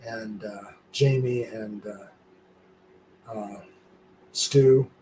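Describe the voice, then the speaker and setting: An older man, a guest on a live stream, chatting casually and telling an animated story, acting out the voices of the people in it. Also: fairly low pitch, very slow, slight background noise, rough recording.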